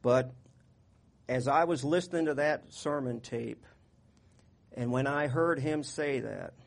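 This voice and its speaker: A man with a gravelly, creaky voice preaches a sermon in plain, folksy talk. His voice rises and gets louder when he reads the scripture verses aloud. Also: medium pitch, takes it slowly. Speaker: pastor.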